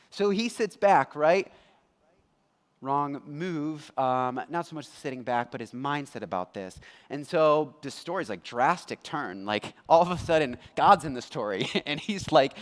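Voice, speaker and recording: A male pastor giving a sermon in a church, talking in an animated, conversational way. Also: on the high side, unhurried, big-room sound. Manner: animated, conversational, acts out quotes.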